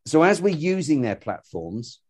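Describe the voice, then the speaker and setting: A man's voice: fairly high pitch, big pitch swings, measured pace, darkish tone, slightly rough. A man co-hosting a casual podcast, talking in rambling sentences full of restarts and fillers. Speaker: podcast co-host.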